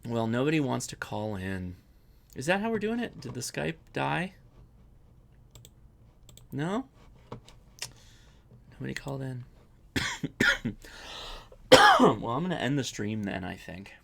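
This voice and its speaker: A young man hosts a casual live Q&A from home, answering viewer questions. His voice has a gravelly edge at an ordinary middle pitch. He rambles along and keeps correcting himself mid-sentence. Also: sing-song, slow pace, pauses often. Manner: chatty, rambling, self-correcting.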